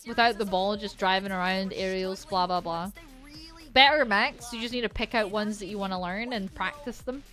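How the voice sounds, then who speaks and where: A woman's voice: mid-range voice, moderate pace, fairly bright tone, soft background music. Polish-accented woman streamer, chatty. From Poland. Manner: chatty, swears casually, frequent restarts. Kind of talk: casual chat while gaming on stream.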